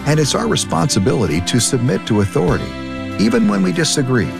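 A man reading a scripted introduction to a radio program in a measured announcer's manner. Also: a little high, sing-song, vocal fry. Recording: music bed behind the voice.

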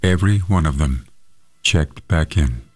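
Deep-voiced man hosting a devotional radio program. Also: animated, unhurried, slightly rough, no room sound.

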